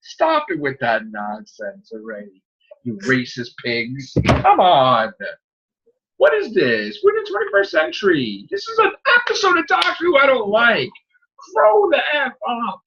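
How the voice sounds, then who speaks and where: A man's voice: huge pitch swings, measured pace, sharp tone, lo-fi sound. A man hosting a casual podcast chat, ranting in an exasperated voice. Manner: exasperated, ranting, swinging pitch. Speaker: podcast host.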